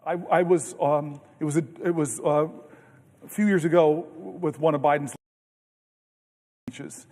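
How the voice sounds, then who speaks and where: A man's voice: fairly high pitch, steady tone, unhurried, a little mellow. A senator in his fifties giving a long floor speech, telling anecdotes with many restarts and self-interruptions. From United States. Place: large legislative chamber. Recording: distant mic in a reverberant chamber.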